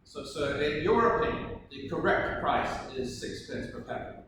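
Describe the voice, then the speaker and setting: A man's voice: a little high, expressive, unhurried. A man playing a showy Irish lawyer. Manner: theatrical, leading questions. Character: pompous Irish colonial lawyer, showy questioner. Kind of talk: live historical courtroom reenactment. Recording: echoey hall, distant mic, background noise.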